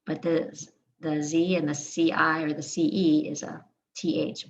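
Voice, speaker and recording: Woman language teacher, unhurried and precise, models each word in turn; slightly muffled recording. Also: deep voice, level tone, vocal fry. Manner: models words one by one in deliberate lists. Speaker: Spanish teacher. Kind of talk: slow, careful pronunciation lesson.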